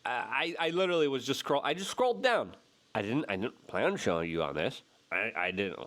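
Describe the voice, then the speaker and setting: Animated sarcastic male commentary host. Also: brisk. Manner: sarcastic, exasperated, mocking voices in jumps of pitch. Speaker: political commentary show host.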